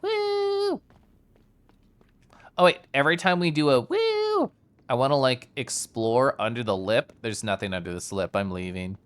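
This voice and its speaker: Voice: mid-range voice, big pitch swings, moderate pace. A streamer giving chatty, playful live commentary while playing a game and joking with chat.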